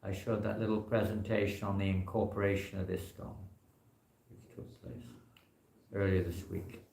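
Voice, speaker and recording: A man's voice: low voice, level tone, moderate pace, creaky, darkish tone. A man, a monk, giving an informal scripture class in a temple hall, talking in a loose, rambling way full of "you know" fillers.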